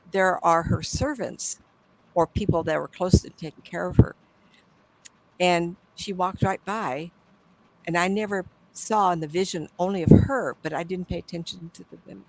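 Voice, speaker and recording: An older woman, a psychic medium, telling stories in a casual interview, animated and acting out the people she quotes, often trailing off and starting over. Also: on the low side, normal speed, rough recording. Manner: animated, acts out quoted voices, trails off and restarts.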